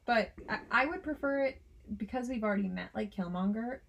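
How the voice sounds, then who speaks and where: Chatty young woman podcaster, higher voice. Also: a little fast, vocal fry. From United States. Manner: chatty, giggly, jokey. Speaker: podcast co-host. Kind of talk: casual chat.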